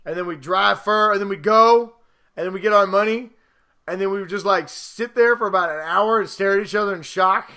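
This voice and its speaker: A playful man in his thirties co-hosting a podcast, his voice pitched high and sitting bright and forward. He chats loosely, acting out little scenes and quoted lines in silly voices. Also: brisk, clear, resonant tone. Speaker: podcast co-host. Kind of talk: casual chat.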